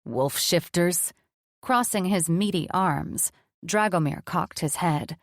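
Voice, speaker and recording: Narrator: woman, somewhat low voice, dry close recording, measured read. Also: no echo. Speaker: audiobook narrator. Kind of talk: scripted narration.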